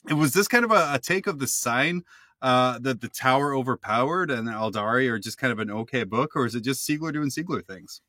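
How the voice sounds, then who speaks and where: A man co-hosting a podcast in a loose, casual chat, joking and rambling as he goes. His voice is bright and forceful, close and dry on the mic. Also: mid-range voice, expressive, fairly quick, no echo. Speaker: podcast co-host.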